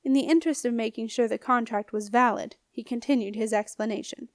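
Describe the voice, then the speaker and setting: A woman narrating a children's fantasy audiobook in a clear, lively read-aloud manner. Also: on the high side, a little fast, dry recording, studio quality. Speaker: audiobook reader. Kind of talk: storybook narration.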